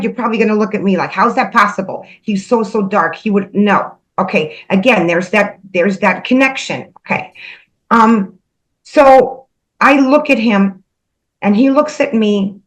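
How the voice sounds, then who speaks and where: A woman earnestly recounting a spiritual experience, halting and repeating herself, emotional as she goes. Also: a little high, poor audio. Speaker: spiritual channel host. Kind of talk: personal spiritual storytelling.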